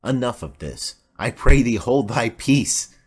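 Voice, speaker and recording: A man's voice: medium pitch, lively intonation, slightly rough. A man voicing a formal, commanding noblewoman mother in an audiobook play reading. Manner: formal, measured.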